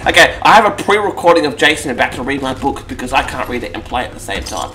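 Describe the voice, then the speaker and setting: Give me a loud, excitable man narrating gameplay. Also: mid-range voice, quick pace, hardly any pauses. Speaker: host. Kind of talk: gameplay commentary.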